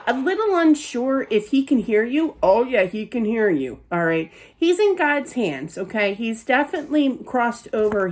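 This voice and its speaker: A woman with a Philadelphia accent giving a spiritual card reading in a rambling, reassuring way, often checking in with "okay?" and "you know.". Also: fairly high pitch. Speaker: psychic card reader.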